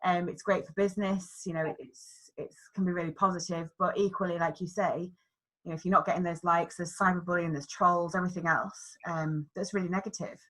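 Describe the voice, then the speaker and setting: Lower-voiced woman podcast co-host. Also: fairly even intonation, a little fast, a bit bright, low-quality recording. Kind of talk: casual chat.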